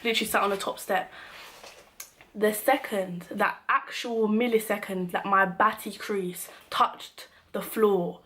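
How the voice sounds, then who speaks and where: Young woman, British accent, vlog storytime, animated and slangy, middle pitch. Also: measured pace, slight background noise. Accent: British English. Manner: animated, slangy retelling that acts out quoted shouts. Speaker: vlogger.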